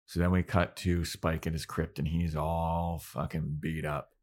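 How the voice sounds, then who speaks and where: Brief: deep-voiced male podcast co-host, loose and profane, breaks into quick impressions while recapping. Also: flat delivery, a little mellow. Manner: swearing, acts out characters' lines in loose voices. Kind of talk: casual recap chat.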